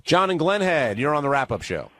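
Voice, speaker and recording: A man hosting a radio wrap-up show in a lively, announcer-like way. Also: fairly high pitch, fairly quick, noisy background. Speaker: host.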